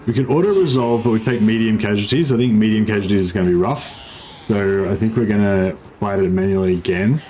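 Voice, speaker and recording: A man's voice: lowish voice, fairly quick, dark tone, a little hiss or hum. A man streaming a strategy game, chatting in a rambling way and greeting viewers. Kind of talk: casual livestream commentary.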